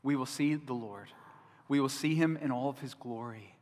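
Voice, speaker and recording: A man's voice: medium pitch, normal speed, darkish tone. A middle-aged man preaching a sermon as pastor, earnest and repeating key lines for emphasis. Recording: long reverb of a large hall.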